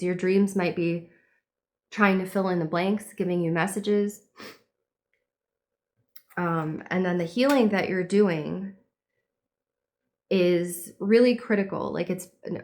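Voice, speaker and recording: A young woman giving a casual spiritual reading, meandering and dreamy, with lots of fillers. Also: mid-range voice. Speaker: tarot and horoscope reader.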